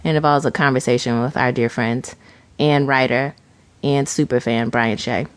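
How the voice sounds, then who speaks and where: Low-pitched woman cohosting a chatty podcast, dry close sound, tells stories and does the voices. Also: moderate pace, no room sound. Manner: animated storytelling, acts out quoted voices. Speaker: podcast co-host. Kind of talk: casual chat.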